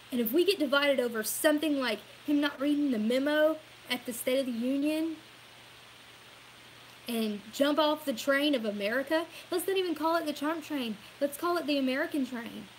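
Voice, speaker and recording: A woman whose voice sits high talks at a moderate pace on a rough recording with a little hiss or hum. She's a Louisiana political vlogger with a Southern accent, earnestly rambling through a casual opinion vlog, using "y'all" a lot and laughing at herself.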